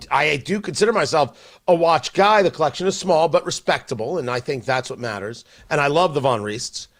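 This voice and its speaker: A man's voice: medium pitch, fairly bright tone. A man hosting a morning radio show, bantering in a teasing, mock-outraged way. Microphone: studio mic.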